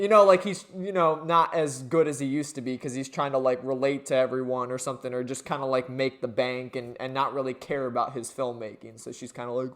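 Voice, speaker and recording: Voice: mid-range voice, a little fast. A streamer playing a story game, rambling through commentary with lots of fillers and self-corrections. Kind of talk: let's-play commentary with read-aloud dialogue.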